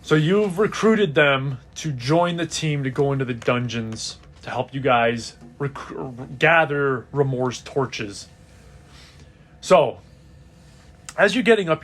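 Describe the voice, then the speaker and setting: A man's voice: mid-range voice, expressive, a little slow, a bit bright. A man narrating as game master of a tabletop role-playing game, casual, with many fillers.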